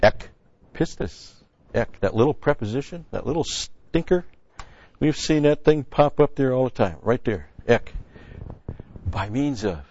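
A man's voice: medium pitch, animated, moderate pace, darkish tone, dry recording. A man preaching a sermon-style Bible teaching in a conversational, folksy way, repeating key phrases. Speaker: pastor. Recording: dry, dull lo-fi sound.

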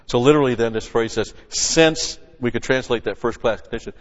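A man preaching an expository sermon from a Bible passage, emphatic, with loud stressed words and quiet asides. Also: medium pitch, fairly quick, hardly any pauses. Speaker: pastor. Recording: lo-fi recording with long hall reverb.

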